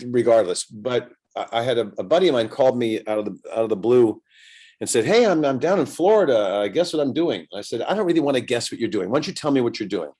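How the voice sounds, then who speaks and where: Animated man telling a story. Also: medium pitch, fast talker, husky. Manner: animated storyteller acting out both sides of conversations. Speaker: guest entertainer. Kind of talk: casual anecdote telling.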